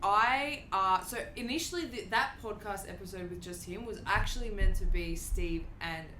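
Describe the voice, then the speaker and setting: A woman hosting a podcast, telling a story in an animated, casual way and swearing freely. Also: medium pitch, moderate pace, reverberant, slight background noise. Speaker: podcast host.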